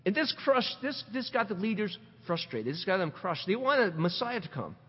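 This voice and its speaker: A middle-aged man preaches with a high voice that rises and falls widely. He asks rhetorical questions and repeats words as he presses his points. The sound is dull and carries a long hall reverb. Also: sing-song, normal speed, slightly rough. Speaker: pastor. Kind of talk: sermon.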